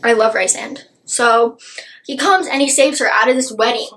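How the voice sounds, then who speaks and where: A young woman excitedly reviewing a book, gushing with exaggerated outrage. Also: fairly high pitch, moderate pace, rough recording.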